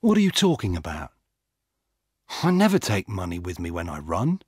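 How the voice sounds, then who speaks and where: A man's voice: low voice, huge pitch swings, moderate pace, breathy edge, no room sound, clean studio sound, full character voice. A man reading the part of a young male jogger, defensive and indignant.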